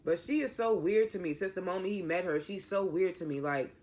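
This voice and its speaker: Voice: mid-range voice, a little fast, darkish tone. A TV show reviewer giving a casual recap in an opinionated, rambling way, often correcting themself mid-sentence.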